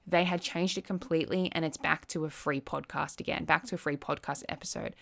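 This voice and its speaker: A young woman vlogger talking casually to the camera, chatty and quick to act out little quoted asides. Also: low voice, fairly even intonation, vocal fry, fairly bright tone. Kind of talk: casual chat.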